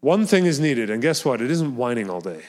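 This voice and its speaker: A man's voice: mid-range voice, big pitch swings, brisk, darkish tone. A man preaching a sermon as pastor, talking earnestly and emphatically, often repeating words and phrases for effect.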